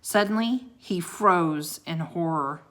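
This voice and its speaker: Woman reading a children's chapter book, expressive, slightly low voice, chatty asides. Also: takes it slowly. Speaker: storybook reader.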